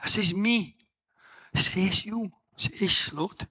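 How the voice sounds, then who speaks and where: A middle-aged South African man preaching a sermon, telling personal stories and acting out the dialogue with loud exclamations. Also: high-pitched, extremely slow, husky. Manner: animated storytelling, acts out dialogue, exclaims loudly. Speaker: pastor.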